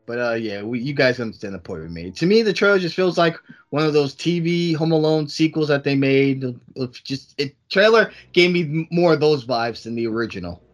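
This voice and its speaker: Guy cohosting a podcast, kinda high voice that jumps all over, chatty and animated. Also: a little fast, few pauses, soft background music. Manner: animated, trailing off and restarting when unsure. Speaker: podcast co-host. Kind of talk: casual chat.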